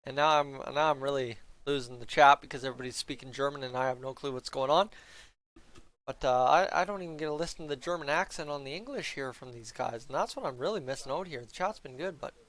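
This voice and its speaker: A man's voice: medium pitch, fast, a bit bright. A man live-streaming as a hockey fan, chatting casually to his viewers in a rambling way and stumbling over names, on a headset mic. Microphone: headset mic he flips up to mute.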